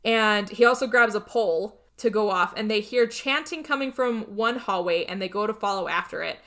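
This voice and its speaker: A woman with a mid-range, slightly bright voice hosts a podcast, speaking at a moderate pace as she casually recaps a movie plot. She's chatty and rambling, swears, and keeps checking in with her listener by asking "okay?"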